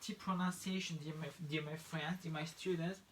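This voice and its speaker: A man's voice: on the high side, steady tone, normal speed, a bit bright, a little hiss or hum. A man teaching English pronunciation, repeating each example word several times and often restarting his sentences. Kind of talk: pronunciation lesson.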